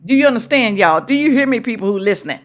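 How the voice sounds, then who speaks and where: A woman's voice: a little high, lively intonation, quick pace. A woman hosting a reaction video who lectures and scolds, repeating her points for emphasis. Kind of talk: reaction commentary.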